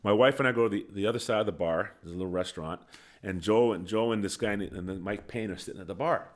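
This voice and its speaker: This guest, a former hockey coach in middle age, speaks quickly in a fairly low voice. He animatedly recounts an anecdote on a podcast through a studio microphone, chuckling and performing others' lines.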